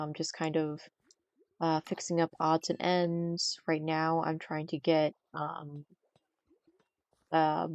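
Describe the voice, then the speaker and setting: Low-voiced woman streamer, deadpan. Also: smooth, dry recording. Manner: dry, deadpan teasing of chat. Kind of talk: casual live-stream chat while gaming.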